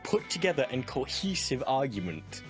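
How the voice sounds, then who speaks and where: Sarcastic British man, lively pitch. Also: normal speed, soft background music. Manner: sarcastic, wanders off on tangents. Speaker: commentary host. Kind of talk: reaction commentary.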